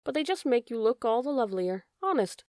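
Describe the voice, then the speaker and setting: A woman voicing a gentle male autumn leaf who speaks tenderly and reassuringly. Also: a little high, big pitch swings, brisk, clear, resonant tone, no echo, studio quality.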